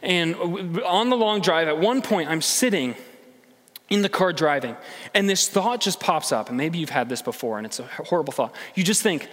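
A man preaching a sermon to a congregation, conversational and animated, acting out inner voices. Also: on the high side, moderate pace, big-room sound. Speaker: pastor.

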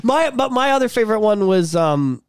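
A man hosting a casual podcast chat, excitable and swearing often, acting out scenes in voices. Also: high voice, normal speed, clean tone, dry recording, studio quality. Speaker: podcast host.

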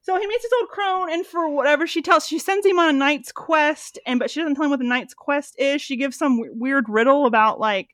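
A woman's voice: high-pitched, a little fast, hardly any pauses, fairly bright tone, dry recording. A woman in her thirties chatting casually on a podcast, rambling with lots of fillers and swearing freely. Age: 30s. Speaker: podcast co-host. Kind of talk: casual movie recap chat.

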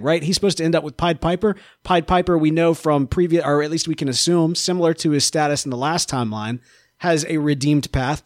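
Upbeat guy cohosting a tv podcast, higher voice, dry close mic, lots of "i gotta tell you man" energy. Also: dry recording. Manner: animated, theorizing, many restarts. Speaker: podcast co-host. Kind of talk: casual chat.

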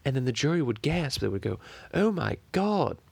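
A foul-mouthed cartoon baby boy rambles crudely from one tangent to the next, as a man does the voice. His voice is heavily gravelly and sits mid-range, in an improvised parody monologue. The sound is dry and close. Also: mid-range voice, big pitch swings, moderate pace, a little mellow, no echo, exaggerated voice. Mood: rambling.

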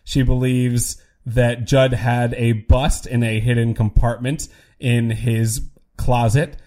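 A man's voice: mid-range voice, level tone, slow, mellow. A young man co-hosting a podcast, recapping a TV episode in casual chat, musing and trailing off mid-sentence. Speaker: podcast co-host.

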